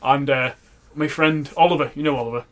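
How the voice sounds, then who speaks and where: A young man, co-hosting a podcast and telling funny stories in a loose, animated way, laughing and acting out quotes. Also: on the high side, brisk. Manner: animated, laughing storyteller with loud acted-out quotes. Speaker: podcast co-host. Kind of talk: casual comedic storytelling.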